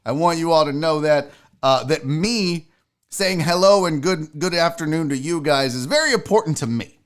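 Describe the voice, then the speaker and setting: Dude rambling and joking to his live chat, swears a lot, high voice. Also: lively intonation, moderate pace. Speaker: live show host and comedian. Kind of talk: casual live-stream chat.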